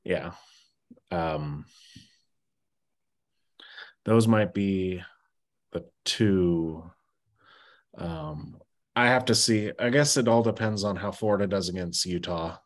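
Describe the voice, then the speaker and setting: A man co-hosting a podcast, talking football hesitantly, with many pauses and fillers. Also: deep voice. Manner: hesitant, lots of ums and you-knows. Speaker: podcast co-host. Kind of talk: casual sports chat.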